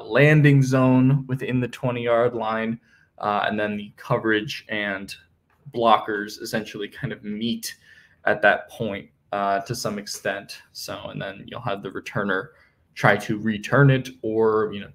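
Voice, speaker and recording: A young man hosting a sports podcast, talking casually through team news with many fillers and restarts. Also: lowish voice. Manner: conversational, many fillers and self-corrections. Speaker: podcast host. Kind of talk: solo sports podcast analysis.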